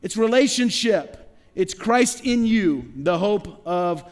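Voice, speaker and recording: A middle-aged man preaching a sermon as pastor, talking conversationally with rhetorical questions and quick stammered restarts. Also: high-pitched, expressive. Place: church sanctuary. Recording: long reverb of a large hall.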